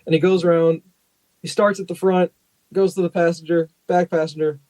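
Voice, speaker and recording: A man's voice: fairly high pitch, moderate pace, dry recording, poor audio. A man in his forties, co-hosting a podcast, telling a story with lots of laughs and acted-out quotes. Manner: animated storyteller who acts out quotes, laughs often, swears. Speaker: podcast co-host. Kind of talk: casual chat, storytelling.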